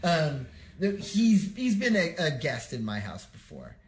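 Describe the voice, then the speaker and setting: A man's voice: fairly high pitch, wildly swooping pitch, a little slow. A man hosting a casual live talk show and trading dry, teasing jokes. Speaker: podcast host. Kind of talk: casual chat. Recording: roomy echo.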